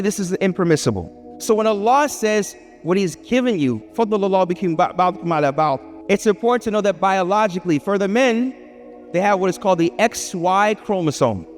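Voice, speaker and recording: A man delivers a lively lecture, pitched fairly high and throwing questions to the audience. He acts out small everyday scenes as he goes. His voice rings in a reverberant hall over faint music. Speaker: Islamic speaker.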